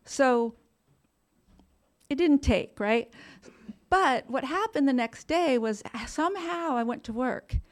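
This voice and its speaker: A woman's voice: high-pitched, lively intonation, slow pace, pauses often. A woman frankly telling her own recovery story, self-deprecating and casually swearing, laughing through painful memories. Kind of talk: candid personal storytelling.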